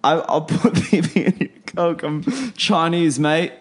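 A man putting on a bad British accent as a loud, crude bloke, laughing as he goes. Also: on the high side, fairly even intonation, measured pace, pitched above the performer's own voice. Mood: rowdy. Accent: put-on British.

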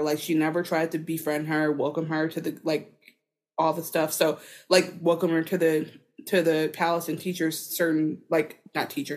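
A woman co-hosting a podcast, chatting casually in a rambling, profane way full of filler words. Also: deep voice. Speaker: podcast co-host. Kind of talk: casual chat.

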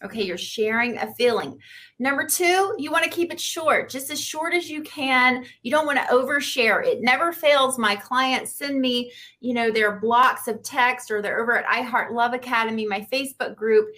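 A woman's voice: on the high side, moderate pace, pushed and bright. A woman dating coach giving chatty, upbeat advice on a livestream, repeating points for emphasis.

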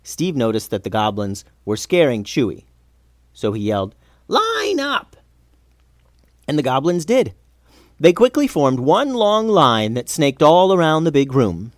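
A man narrating a children's adventure story in an expressive reading voice. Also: medium pitch, normal speed, no room sound, studio quality.

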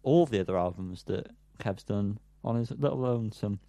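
A man's voice: lowish voice, normal speed, dark tone, dry recording. A man co-hosting a music podcast, chatting casually with lots of ums and self-amused asides. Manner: rambling, frequent ums, laughs at himself. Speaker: podcast co-host.

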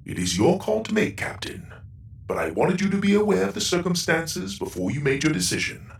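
A man's voice: sits high, big pitch swings, a little fast, gravelly, distant mic, voice pushed up, exaggerated voice. A man voicing a polite, formal robot pilot with dry humor, heard with an intercom-like echo. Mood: cautious. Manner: formal and precise. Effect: echoey intercom sound.

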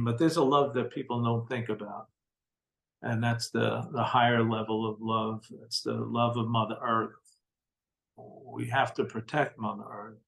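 Middle-aged male interview guest with an average pitch, earnest personal storyteller who repeats himself for emphasis. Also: gravelly, poor audio.

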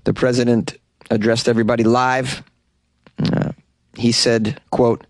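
A man's voice: mid-range voice, flat delivery, a little slow, long pauses, dry recording. Male comedian hosting a news podcast, wisecracking, dry booth sound. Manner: wisecracking, riffing asides. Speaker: podcast host.

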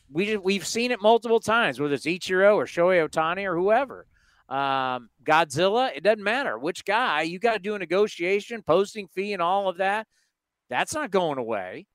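A man's voice: sits high, fairly bright tone, dry recording. A man hosting a baseball talk show, talking casually and emphatically, firing off rhetorical questions. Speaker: sports talk show host.

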